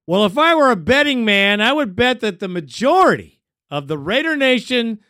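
Man, sports call-in host, laid-back, chummy, high voice, smooth. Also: big pitch swings, normal speed, sharp tone, no echo, clean studio sound. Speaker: radio show host. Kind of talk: casual fan call-in show.

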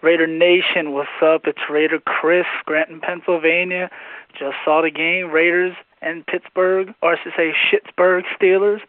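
A man's voice: a little high, flat delivery, a little slow. Hyped man cheering over a phone line. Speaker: caller. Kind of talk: recorded fan call-in.

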